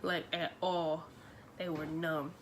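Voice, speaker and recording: A young woman, telling a story to her vlog audience in a chatty, animated way, acting out the dialogue. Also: deep voice, slow, slight background noise. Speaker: vlogger. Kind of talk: casual storytelling.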